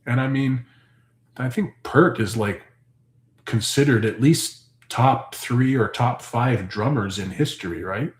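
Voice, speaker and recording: A man's voice: mid-range voice, unhurried, roomy sound. A man hosting his homestead channel, chatting casually and answering viewers' comments in a rambling, thinking-aloud way.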